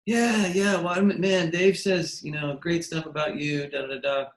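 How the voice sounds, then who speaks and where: A man's voice: a little high, steady tone, moderate pace, voice pushed up, close to an everyday voice. A man doing an impression of a laid-back male music producer who talks in a drawling, slangy way. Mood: friendly. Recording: echoey room.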